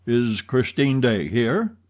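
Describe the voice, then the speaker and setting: A man voicing a solemn police commissary in an audiobook, asking measured, probing questions. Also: mid-range voice, big pitch swings. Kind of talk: audiobook character reading.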